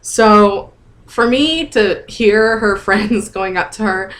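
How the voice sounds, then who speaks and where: A woman's voice: mid-range voice, slow pace, fairly bright tone. A woman in her thirties chatting candidly to her camera in a casual vlog, open and emotional as she talks. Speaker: vlogger.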